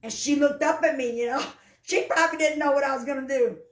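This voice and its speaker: Fervent high-voiced woman preacher. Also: quick pace, echoey room. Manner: fervent, breaks into shouts of hallelujah; folksy storyteller. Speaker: preacher giving a testimony. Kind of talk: spoken testimony and sermon.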